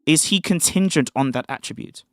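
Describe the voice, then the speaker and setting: A man hosting a heated live debate, cocky and needling, sometimes slowing his words down to mock the other side. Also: fairly high pitch. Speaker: host debating callers.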